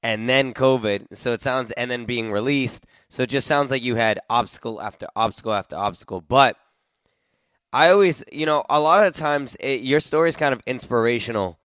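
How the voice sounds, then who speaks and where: A man's voice: medium pitch, fairly quick, a bit bright, clear, resonant tone, no echo. A man hosting a podcast who sums up his guest's story and praises him in a casual, encouraging way. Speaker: podcast host. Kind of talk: casual interview chat.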